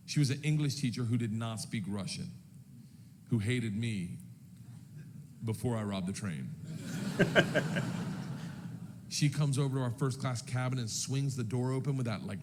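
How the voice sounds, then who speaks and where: A man doing stand-up storytelling, animated and loud, shouting his punchlines, on a noisy live recording. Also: medium pitch. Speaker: stand-up comedian.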